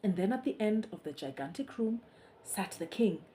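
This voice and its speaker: Woman, children's storyteller, soft, hushed, mellow, very expressive melody. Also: medium pitch, normal speed, slight background noise. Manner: soft, hushed, expressive, talking to young listeners.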